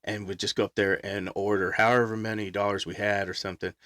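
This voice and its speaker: Middle-aged man, casual storyteller, lively quoting, dry close sound. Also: fairly low pitch, fast talker, no echo. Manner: animated, acts out quotes, laughs often. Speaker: guest musician.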